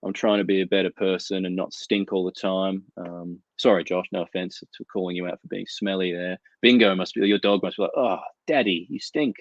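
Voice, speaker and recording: A man co-hosts a casual comics chat show over a video call from his home out in the desert, spinning rambling, profane anecdotes. His voice sits low, with a flat, brisk delivery and hardly any pauses. The video call audio is dull and lo-fi, with no room sound.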